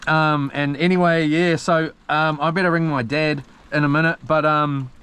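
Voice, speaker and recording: Rambling New guy, smooth voice. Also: on the high side, steady tone, moderate pace, a bit bright. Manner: meandering storyteller with many ums and restarts, slangy. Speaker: live streamer and mechanic. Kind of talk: rambling casual live-stream chat. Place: on a boat at sea.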